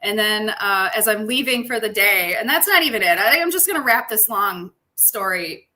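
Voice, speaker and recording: A woman's voice: medium pitch, animated, normal speed, pushed and bright. A woman co-hosting a livestream in casual chat, telling a rambling story full of fillers. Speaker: livestream co-host.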